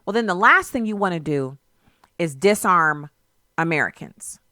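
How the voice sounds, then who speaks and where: A woman's voice: fairly low pitch, animated, moderate pace, sharp tone, no echo. A woman hosting a talk radio show, delivering emphatic, sarcastic commentary in a conversational way on a studio mic. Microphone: studio microphone.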